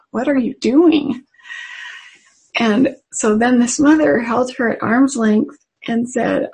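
A woman with a very breathy, husky voice that sits a bit high. She unfolds a devotional story slowly, in an earnest and tender way. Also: low-quality recording. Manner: earnest, tender, emotionally emphatic. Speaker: religious speaker.

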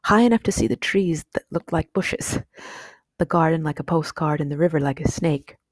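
A protective mother speaking gently to her children, as a woman reads her in a storybook. The voice is husky and low. It sounds dry and close. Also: moderate pace, no echo. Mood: caring.

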